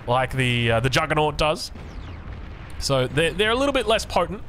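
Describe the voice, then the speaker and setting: A man's voice: on the high side, sharp tone, slight background noise. A man with an Australian accent giving chatty, rambling commentary on a strategy game match. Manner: chatty, rambling asides, frequent restarts. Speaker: game caster.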